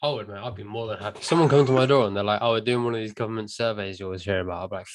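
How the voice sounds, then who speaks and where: A comedian guest in casual chat, playful and mock-clueless, laughing often. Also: male voice, on the low side, rapid-fire.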